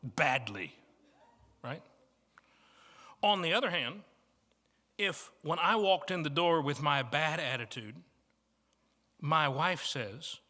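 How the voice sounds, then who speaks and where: A man with a Midwestern American accent preaching a sermon as guest preacher, telling stories and moving between soft asides and emphatic points. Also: fairly high pitch, animated, slow, pauses often. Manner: storytelling with shifts from soft to emphatic. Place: church banquet hall. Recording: reverberant banquet hall.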